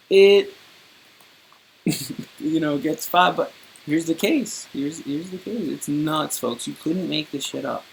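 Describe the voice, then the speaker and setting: Indignant streamer rambling about a lawsuit. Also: medium pitch. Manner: indignant, wordy, swears casually. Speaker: streamer recounting own court case. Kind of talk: casual rambling monologue to viewers.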